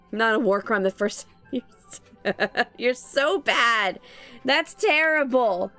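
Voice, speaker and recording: A young woman streamer with vocal fry, chatting playfully while she draws and laughing often. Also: on the high side, measured pace, pushed and bright, soft background music. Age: young adult. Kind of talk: casual stream chat while drawing.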